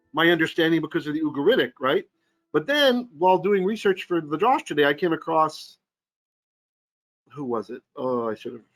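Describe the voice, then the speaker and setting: A man teaching a Torah lesson in an animated, jokey way, often checking in with his listeners. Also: a little high. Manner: animated, jokey teaching with frequent "right?" asides. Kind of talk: live-streamed Bible lesson. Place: Philippines.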